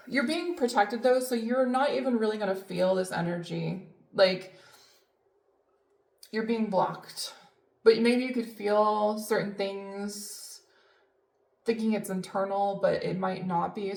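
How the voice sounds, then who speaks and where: A woman giving a casual tarot reading, chatty and emphatic, with lots of fillers and the odd swear word. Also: mid-range voice. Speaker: tarot reader. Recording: echoey room.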